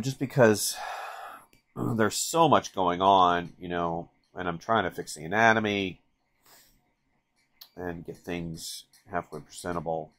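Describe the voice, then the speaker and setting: A man's voice: deep voice, fairly bright tone. A man hosting a casual drawing tutorial, chatting in a rambling way and stopping himself mid-thought as he works. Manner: rambling, chatty, self-interrupting. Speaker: artist and channel host.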